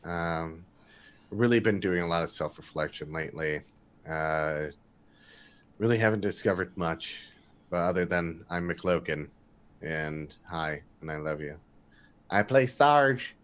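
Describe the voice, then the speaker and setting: A man's voice: sits low, a little slow, pauses often, fairly bright tone, smooth. A man playing a tabletop game, chatting casually in a rambling, joking way. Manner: joking, rambling, mock-gloomy. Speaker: player. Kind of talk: casual chat.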